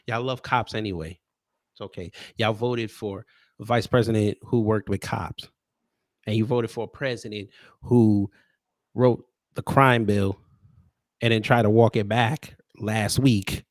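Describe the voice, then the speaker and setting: A man's voice: medium pitch, no echo, studio quality. A man from New York hosting a political talk show, ranting in a heated, mocking way and repeating his points for emphasis. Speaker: host.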